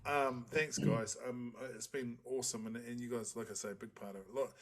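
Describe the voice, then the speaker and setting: A man's voice: mid-range voice, steady tone, fairly quick. A man with a New Zealand accent hosting a podcast, chatting casually on a video call with a teasing, laughing manner. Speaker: podcast host.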